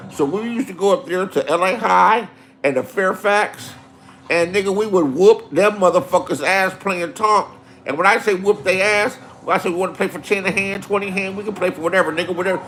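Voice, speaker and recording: A middle-aged man spins stories from his youth, swearing freely and getting animated. His voice sits a little high for a man. He sounds like he is talking casually with friends. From Inglewood, Los Angeles. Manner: profane, animated street storytelling. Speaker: host telling stories. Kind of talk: casual storytelling.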